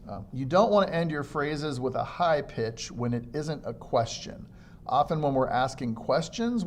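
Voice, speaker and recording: A man teaching a lesson on public speaking, demonstrating good and bad delivery as he explains. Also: a little mellow. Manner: demonstrates faults by mimicking them, varied pitch and pace. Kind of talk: instructional lecture on public speaking.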